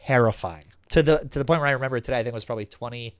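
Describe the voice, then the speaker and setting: A man's voice: medium pitch, racing, clean tone. A man hosting a podcast in casual chat, telling stories with lots of laughter and animation. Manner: animated storyteller, laughs often. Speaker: podcast host.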